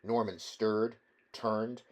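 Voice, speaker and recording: Male audiobook reader, lowish voice, hushed intense delivery. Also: steady tone, extremely slow. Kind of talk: audiobook narration.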